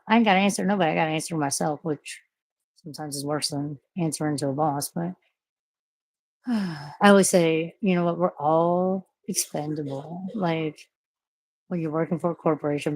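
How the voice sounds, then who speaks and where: A woman's voice: low voice, a little mellow, no room sound. A middle-aged woman talking frankly in a rambling, profane monologue about work and quitting jobs. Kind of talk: casual monologue.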